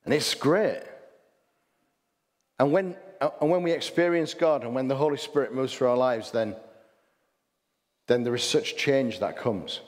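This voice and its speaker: A man's voice: medium pitch, unhurried, pauses often, darkish tone. A man with a Hull accent preaching a sermon, chatty and full of rhetorical questions and restarts. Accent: Hull English. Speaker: pastor. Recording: long hall reverb.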